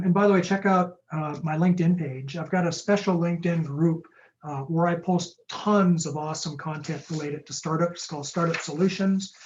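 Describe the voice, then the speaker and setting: A man, a startup lawyer, giving a quick, jokey webinar talk and answering audience questions over a video call. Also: on the high side, darkish tone, lo-fi sound. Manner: fast-talking, jokey and upbeat.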